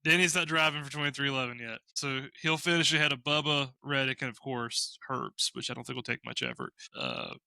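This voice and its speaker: A man co-hosting a casual sports podcast, giving blunt, quick predictions. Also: medium pitch, animated, creaky, pushed and bright, no echo. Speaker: podcast co-host.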